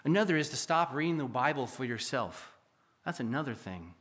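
A man's voice: mid-range voice, animated, fairly quick, a bit bright. A male pastor preaching a sermon in church, reading scripture aloud with emphasis and explaining it.

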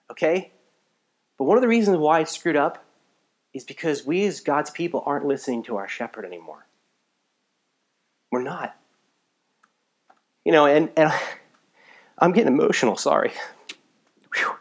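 A man from the United States preaching a live sermon in a conversational way, swinging between emphatic bursts and quiet asides, a little tired. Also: a little high, animated, moderate pace, long pauses. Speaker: pastor.

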